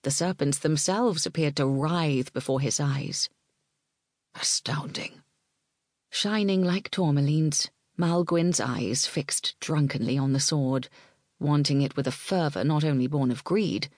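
A woman narrating an audiobook in a measured, expressive way that dips into whispers. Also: sits low, dry recording, studio quality.

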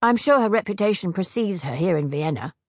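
A woman voicing an odd, talkative female hag from a storybook, rattling off brisk asides, with a gravelly, husky voice. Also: on the low side, expressive, no echo, clean studio sound. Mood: breezy.

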